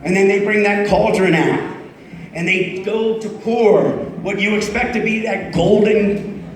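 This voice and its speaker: A man's voice: sits high, unhurried, slight background noise. A man in his fifties performing a stand-up comedy set on a club stage, chatting with the crowd and poking fun at himself. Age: 50s. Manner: chatty crowd work, self-mocking. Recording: echoey club room, voice off-mic.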